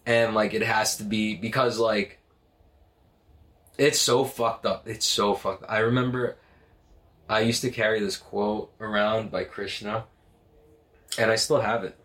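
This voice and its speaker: Animated, profane man telling a story. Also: fairly low pitch, takes it slowly, pauses often. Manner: animated, profane, heavy use of "like". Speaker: jiu-jitsu competitor. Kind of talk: casual storytelling monologue. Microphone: phone.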